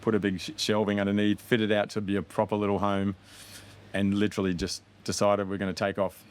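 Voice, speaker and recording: A man's voice: lowish voice, monotone, smooth. A middle-aged man, chatting upbeat as a podcast guest, with lots of fillers. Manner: quick, upbeat, frequent fillers like 'you know'. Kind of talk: casual interview chat.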